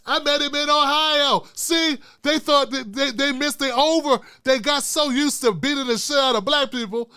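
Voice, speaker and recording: A middle-aged man hosting his own online show, ranting with fiery, profane, preacher-like repetition and swinging from hushed asides to shouting. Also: very high-pitched, clear, resonant tone. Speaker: YouTube show host. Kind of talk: impassioned vlog rant.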